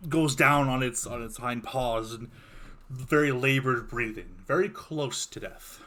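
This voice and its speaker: A man with a bright, forceful voice running a tabletop game as game master. He narrates in a laid-back way, with fillers and laughter in between. A faint hiss runs under the recording. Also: mid-range voice, unhurried.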